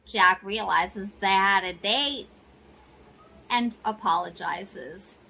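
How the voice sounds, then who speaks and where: The soap opera recap comes from a woman whose mid-range voice is slow, creaky, sharp, and edged with breathiness. The recording is low quality, and her chatty retelling leans on "you know" and "she goes."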